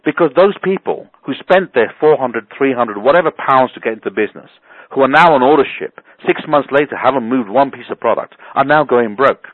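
Man, business coach on a conference call, lively swooping pitch, slightly husky, heard down a tinny phone line. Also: a little fast, dry recording. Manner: animated, colorful and blunt. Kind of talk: motivational talk on a phone call. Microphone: telephone.

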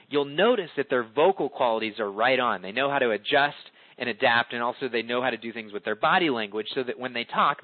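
A man leading a conference call, teaching public speaking in an animated coaching talk that swoops up and down for emphasis. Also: mid-range voice, no echo. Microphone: phone. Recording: tinny phone line, dry.

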